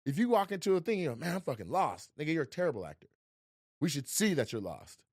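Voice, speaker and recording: Animated, swearing male storyteller. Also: quick pace, dry recording, studio quality. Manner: animated storyteller, swears freely, acts out quotes with big pitch jumps. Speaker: guest comedian. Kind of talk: casual podcast chat.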